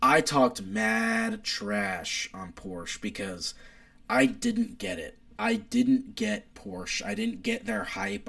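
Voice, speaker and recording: Casting: young male streamer, gravelly and lively, rambling casual chat. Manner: animated, rambling car enthusiast, wide pitch swings. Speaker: live streamer.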